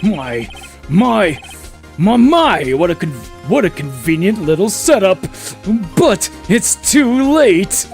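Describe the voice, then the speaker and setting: Man doing a pompous gloating tycoon, slow gravelly drawl, high sing-song pitch, courtroom game. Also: big pitch swings, soft background music, full character voice. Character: smug, pompous male villain businessman.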